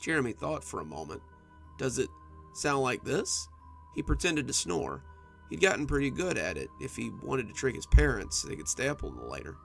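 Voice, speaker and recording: A man telling a spooky bedtime story in an expressive, dramatic scripted narration, with faint music behind. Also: mid-range voice, quick pace, creaky.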